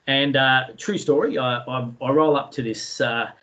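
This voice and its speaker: An Australian man telling a story in a relaxed way, with many fillers, as a guest speaker in an online session. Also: mid-range voice, moderate pace. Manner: chatty, anecdotal, many fillers.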